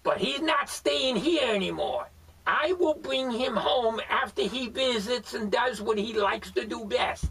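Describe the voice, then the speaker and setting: A rude, bossy hillbilly grouch, as a man puts him on for a homemade comedy bit. The high, gravelly voice swings wildly, and he drags out his words while barking insults. It is heard from well back from the mic. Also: expressive, measured pace, a bit bright, slight background noise, full character voice. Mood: threatening. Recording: voice far from the mic.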